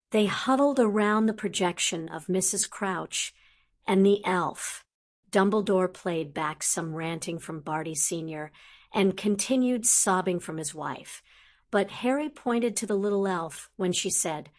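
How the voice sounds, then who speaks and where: A woman narrating an audiobook in a steady, unhurried storytelling manner. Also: medium pitch. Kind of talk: scripted narration.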